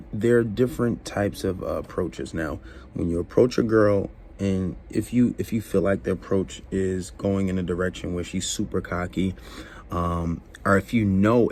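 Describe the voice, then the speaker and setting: A man's voice: deep voice, a little mellow, a little hiss or hum. A man giving casual dating advice to camera, rambling with many fillers and acting out both sides of conversations.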